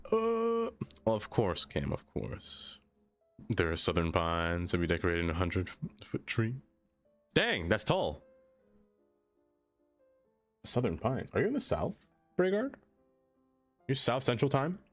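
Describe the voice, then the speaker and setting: A man's voice: lowish voice, wildly swooping pitch, slow, long pauses, fairly bright tone, faint music behind. A man live-streaming a city-building game, chatting casually with his viewers and laughing often.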